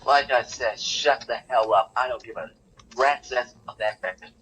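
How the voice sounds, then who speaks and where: Bright, brash man on a podcast. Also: mid-range voice, normal speed, low-quality recording. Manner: brash and dismissive. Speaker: podcast panelist. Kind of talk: casual chat.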